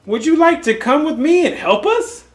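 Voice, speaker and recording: A man's voice: very high-pitched, lively intonation, moderate pace, faint music behind, pitched above the performer's own voice. Kind storybook tooth fairy voiced by a grandfatherly reader, lilting, slightly raised. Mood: gentle.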